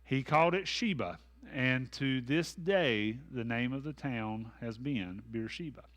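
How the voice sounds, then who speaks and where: A man's voice: mid-range voice, unhurried, a bit bright. Folksy pastor man teaching. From American South. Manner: folksy, conversational, with asides and self-deprecating humor. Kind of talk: Bible study teaching.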